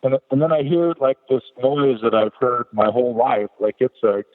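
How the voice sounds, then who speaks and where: A man's voice: mid-range voice, normal speed. A middle-aged man, a podcast guest, telling a personal story in a candid, rambling way with frequent restarts. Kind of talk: personal story told in an interview. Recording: tinny phone line with long reverb.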